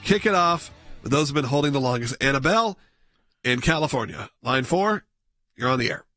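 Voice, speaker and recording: A man's voice: mid-range voice, lively intonation, brisk, sharp tone, faint music behind. A man hosting a call-in radio show, earnest and appreciative as he takes callers.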